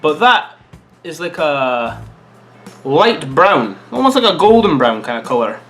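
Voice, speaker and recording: A man's voice: a little high, unhurried, soft background music. A man from Scotland vlogging a casual taste-test review, chatty and thinking aloud while he eats. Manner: chatty and animated, muses aloud while eating.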